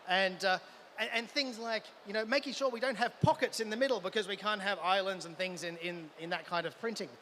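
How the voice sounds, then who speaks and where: A man's voice: sits high, a little fast, sharp tone, a little hiss or hum. An Australian man giving a live conference talk, enthusiastic and full of stammering restarts. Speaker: conference speaker. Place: event hall.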